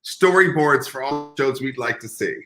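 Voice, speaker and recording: A man's voice: medium pitch, moderate pace, over music. A man co-hosting a podcast, joking playfully and repeating running gags in casual chat. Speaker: podcast co-host.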